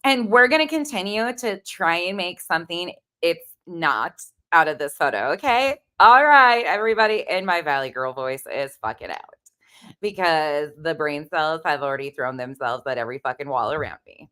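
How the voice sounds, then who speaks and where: A woman's voice: deep voice, lively intonation, normal speed, pushed and bright. A woman hosting a casual chat, sarcastic and swearing freely as she reacts. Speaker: host reacting to a video call.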